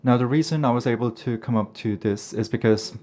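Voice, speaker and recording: A man's voice: mid-range voice, fairly quick, dark tone. A man giving an earnest live English interpretation of a formal debate, sometimes restarting a phrase.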